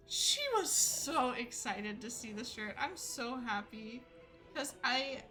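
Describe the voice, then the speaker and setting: Chatty woman streamer, higher voice, slow easy storytelling, laughs a lot. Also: bright, forceful tone, rough recording. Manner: chatty, laughs often, many fillers. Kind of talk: casual storytelling to a live chat. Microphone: desk mic with ring light setup.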